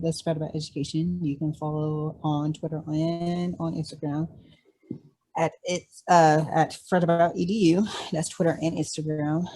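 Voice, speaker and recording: A man's voice: on the high side, a little mellow, rough recording. A young man, a guest who hosts his own podcast, chatting in a laid-back, easygoing way. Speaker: guest, fellow podcast host. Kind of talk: casual interview chat.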